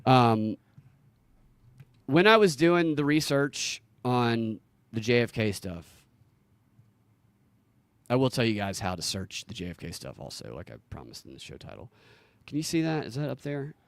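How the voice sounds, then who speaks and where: A man's voice: mid-range voice, sing-song, moderate pace, vocal fry, long pauses, no room sound. A man with a Southern US accent hosting a podcast, chatting casually and telling rambling stories with easy laughs. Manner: rambling storyteller, laughs easily. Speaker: podcast host.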